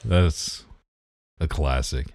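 A man's voice: a bass voice, extremely slow, gravelly, a little mellow, no echo, clean studio sound. A man co-hosting a podcast in casual chat, teasing and nitpicking about beer. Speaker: podcast co-host.

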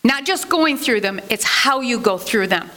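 A woman's voice: fairly high pitch, expressive, moderate pace, pushed and bright. A woman giving a casual sermon as a Bible teacher, chatty, asking herself questions and answering them.

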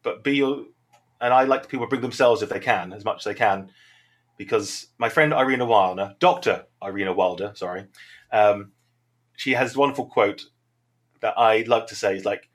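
A man's voice: fairly low pitch, moderate pace. A man with a Southern English accent, an improv teacher talking through his thoughts in a reflective, rambling interview answer.

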